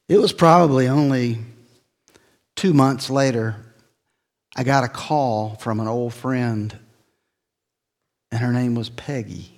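A middle-aged man preaching a sermon, telling a personal story, his voice swelling and then dropping low. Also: steady tone, slow, long pauses, long reverb tail. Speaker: pastor.

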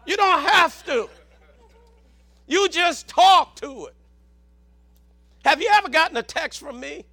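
A man with a Southern accent preaching a sermon, shouting for emphasis and repeating words. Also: very high-pitched, animated, takes it slowly, pauses often.

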